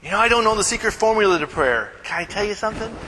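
A man preaching a casual, conversational sermon, animated and joking with the congregation. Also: sits high, rapid-fire, big-room sound, slight background noise, rough recording. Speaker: pastor.

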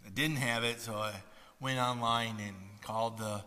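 A man preaching a sermon as pastor, impassioned, swinging between loud, raised passages and hushed, soft ones. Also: on the low side, fairly even intonation, unhurried. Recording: long hall reverb.

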